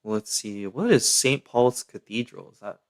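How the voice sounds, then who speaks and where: A man's voice: medium pitch, expressive, unhurried. A young man from Canada, chatting casually and slangily to his live-stream chat.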